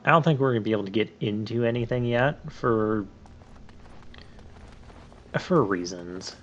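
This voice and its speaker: A man narrating his gameplay in a chatty, joking, rambling way, thinking out loud. The recording is slightly muffled, with a faint hiss behind it. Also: on the low side, normal speed. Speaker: let's play host.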